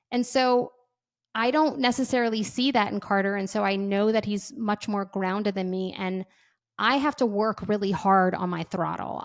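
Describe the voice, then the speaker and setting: A woman in her thirties hosting a casual advice podcast, chatty and quick to act out little bits of dialogue. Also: mid-range voice. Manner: chatty, says "like" often, acts out dialogue. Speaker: podcast host.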